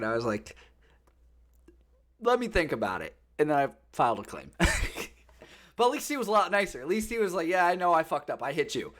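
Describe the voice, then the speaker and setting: Man on a casual podcast, animated storyteller, fairly high voice, very lively pitch. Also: a little fast, long pauses. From Florida. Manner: animated storytelling, swears often, acts out callers. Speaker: podcast host. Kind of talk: casual chat.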